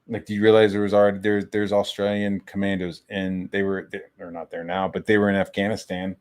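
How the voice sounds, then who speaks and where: A man's voice: fairly low pitch, quick pace, few pauses, a little mellow. Foul-mouthed rambling young man. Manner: crude, rambling, heavy swearing. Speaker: stream guest. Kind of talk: profane ranting stream talk.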